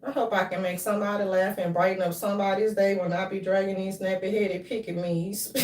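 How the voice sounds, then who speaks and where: A woman's voice: medium pitch, unhurried, long pauses, far from the mic. A woman ranting casually to her audience, telling stories with lots of cursing, laughter and mimicked voices. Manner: profane, animated storytelling with laughs and mimicry. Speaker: commentary streamer. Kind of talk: casual rant. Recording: echoey room, off-mic.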